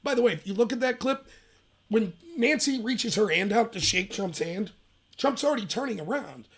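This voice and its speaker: Husky high-voiced man ranting on a livestream. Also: animated, moderate pace. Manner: emphatic, rambling, acts out mocking quotes. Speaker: political commentary show host. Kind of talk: livestreamed political commentary.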